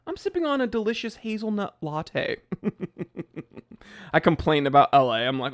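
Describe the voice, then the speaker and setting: A young man with a slightly high voice chats loosely through a livestream from his home office. He jokes, rants and greets viewers by name in a loose, chatty way. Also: lively intonation, normal speed, long pauses. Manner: joking, ranting, reads chat names aloud. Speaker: watch channel host. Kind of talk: casual livestream chat.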